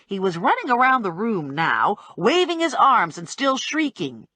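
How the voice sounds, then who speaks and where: A woman reading a first-person audiobook in a wry, brisk storytelling manner, on a close studio mic. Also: a little high, very animated, pushed and bright, no echo. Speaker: audiobook narrator.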